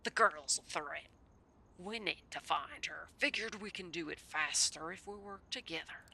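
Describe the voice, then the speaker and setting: A woman voicing a grizzled, sardonic male vampire in a game, with a low, muttered gruff drawl. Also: measured pace, sharp tone, slight background noise, heavily acted.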